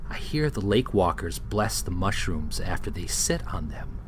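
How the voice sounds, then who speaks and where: Slow, deadpan male narrator. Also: on the low side, slight background noise. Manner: deadpan, unhurried storytelling. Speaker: host. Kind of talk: surreal scripted narration.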